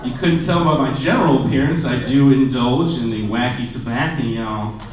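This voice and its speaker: A man in his twenties doing a stand-up comedy set, self-deprecating, dropping to a low mutter and then bursting into loud shouted bits. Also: normal speed, heavy reverb, distant mic, low-quality recording. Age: 20s. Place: comedy club stage. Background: audience laughter.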